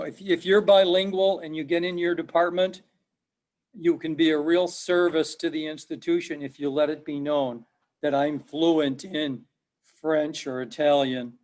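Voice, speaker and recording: This middle-aged man, a professor, has a somewhat high voice with a darkish tone. He delivers an online lecture casually, restating things and testing his students with questions.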